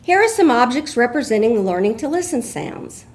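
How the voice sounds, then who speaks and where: A woman giving measured, explanatory scripted narration as an instructor. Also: fairly high pitch, sing-song.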